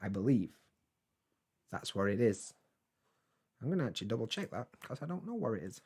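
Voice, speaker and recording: A man chatting casually on a live stream, reading and answering chat comments in a relaxed, swearing, laughing way. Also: lowish voice, fairly quick, slightly rough. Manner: laid-back, chatty, swears freely, laughs often.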